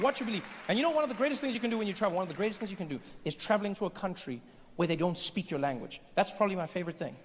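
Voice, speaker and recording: A man doing stand-up comedy on a theatre stage, animated and storytelling. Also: high-pitched, a little hiss or hum. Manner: animated, storytelling, switches into voices. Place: theatre stage with live audience. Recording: live hall with crowd laughter.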